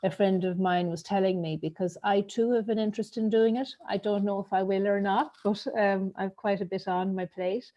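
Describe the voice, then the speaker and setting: A woman in a casual group chat, telling a story in a chatty, animated way with repeated words. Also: medium pitch, normal speed, few pauses, poor audio. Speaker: group participant.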